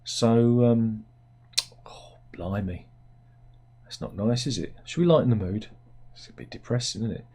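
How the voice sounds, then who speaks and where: A man's voice: medium pitch, normal speed, mellow, breathy edge. A British man hosting a satirical news commentary, rambling along with jokey asides as he reads out headlines. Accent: British English. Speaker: host.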